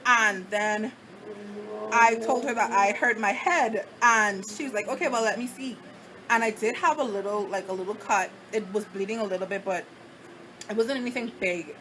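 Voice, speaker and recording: A woman's voice: mid-range voice, moderate pace, sharp tone, slight background noise, rough recording. A woman vlogger telling a personal story in a dramatic, chatty way, full of "like" fillers. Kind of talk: casual storytime.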